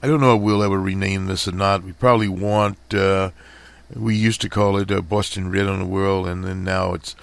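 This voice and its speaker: A man hosting a radio program, talking slowly through headlines with many fillers and restarts, his voice strained. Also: sits low, fairly even intonation, creaky, dry recording. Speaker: radio host. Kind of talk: casual commentary over headlines.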